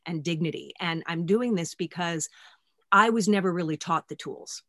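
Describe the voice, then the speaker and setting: A woman hosting a podcast conversation, talking candidly and self-deprecatingly with halting restarts. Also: on the low side, a bit bright, no echo, clean studio sound. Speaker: podcast host.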